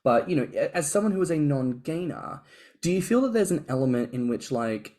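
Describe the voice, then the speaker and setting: A man co-hosting a podcast, asking a guest a question in a halting, thoughtful way with many restarts. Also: fairly high pitch, animated, mellow. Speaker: podcast co-host. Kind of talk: casual podcast interview.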